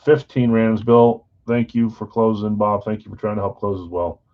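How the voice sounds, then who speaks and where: A man hosting a live sports card break stream, chatting casually with viewers and reading out team assignments in a relaxed way. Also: lowish voice, moderate pace, lo-fi sound. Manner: relaxed, chatty, talks straight to viewers by name.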